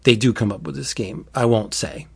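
A man's voice: medium pitch, moderate pace, vocal fry, darkish tone, husky. Man in casual chat retelling a book, rambling delivery, frequent restarts and laughs. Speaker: book reviewer.

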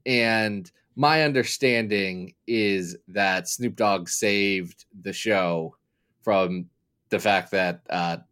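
A man's voice: sits low, extremely slow, a bit bright, smooth. A man from Kentucky co-hosting a podcast in casual chat, joking and drifting into long explanatory tangents. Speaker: podcast co-host.

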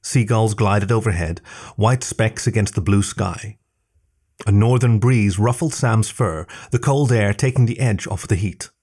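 A man reading a story aloud in slow, even narration. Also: on the low side, slightly rough. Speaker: story reader. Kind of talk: scripted narration.

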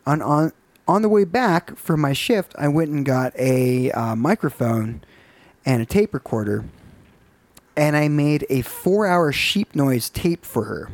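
Deadpan man with a dry close sound. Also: a little high, unhurried, dry recording. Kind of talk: casual storytelling.

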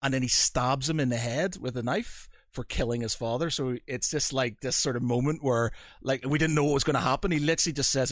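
A man's voice: medium pitch, fairly quick, few pauses, a bit bright, dry recording, studio quality. A man, co-hosting a casual podcast chat, rambling and laughing often as he retells a game session. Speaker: podcast co-host.

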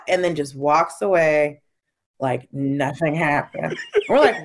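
A woman comedian talking casually as a guest and telling stories, acting out family members in quick, shifting voices. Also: medium pitch, big pitch swings. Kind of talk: casual interview storytelling.

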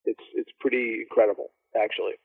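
A male drummer telling animated stories as a podcast guest, with lots of fillers and restarts. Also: lowish voice, fast talker, gravelly, breathy edge, no room sound. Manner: animated, laughing storyteller, many fillers. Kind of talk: casual storytelling interview. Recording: dry phone-like line.

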